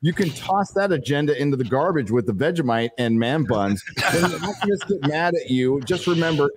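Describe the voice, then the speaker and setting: Animated American man reading donations. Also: on the high side, fairly quick. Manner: animated, swearing, laughs often. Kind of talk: casual panel chat. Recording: noisy livestream audio.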